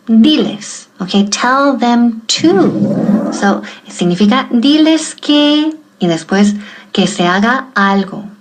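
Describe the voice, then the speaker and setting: A woman teaching an English class, slowly and deliberately drilling example sentences and switching between explanation and repetition. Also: on the high side, lively intonation, background noise. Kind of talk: bilingual language lesson.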